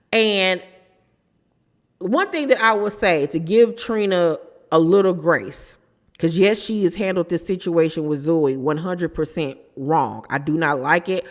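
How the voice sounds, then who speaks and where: A middle-aged woman hosting a casual reality TV recap, animated and opinionated, quoting people in quick bursts. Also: low-pitched, in a large hall.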